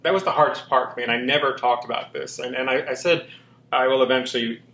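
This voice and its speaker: A man's voice: medium pitch, fairly even intonation, fast talker, gravelly, pushed and bright. A man with a slight lisp being interviewed, telling his personal story openly and earnestly with frequent ums and restarts. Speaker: interview guest. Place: walk-in closet, indoors. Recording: roomy room echo.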